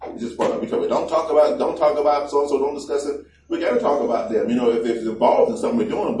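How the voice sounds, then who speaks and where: A man's voice: medium pitch, quick pace, hardly any pauses, warm tone. A man preaching from the pulpit, loose and conversational, slipping into small acted voices to make his points. His voice reaches the mic from some way off, bouncing around a roomy church with a faint hum underneath. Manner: conversational and joking, acts out little voices. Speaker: pastor. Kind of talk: sermon. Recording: roomy, distant mic with faint background noise.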